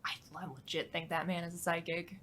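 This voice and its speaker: A woman co-hosting a podcast in casual chat, animated and laughing a lot. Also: fairly low pitch, fairly quick, slight background noise. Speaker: podcast co-host.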